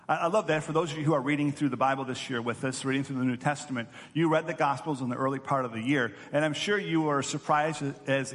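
A man's voice: medium pitch, fairly bright tone. A male pastor giving an earnest teaching sermon, often repeating words as he restarts. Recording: long hall reverb.

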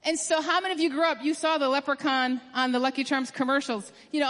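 A woman's voice: sits high, fairly even intonation, fairly bright tone. Emphatic woman preaching in a reverberant hall. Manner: emphatic, swings from quick bursts to drawn-out stresses. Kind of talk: sermon.

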